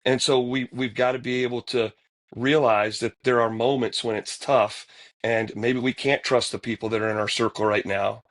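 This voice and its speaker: A man's voice: mid-range voice, steady tone, moderate pace, fairly bright tone. A man in casual conversation, speaking reflectively and motivationally and checking that his listeners follow. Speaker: podcast co-host.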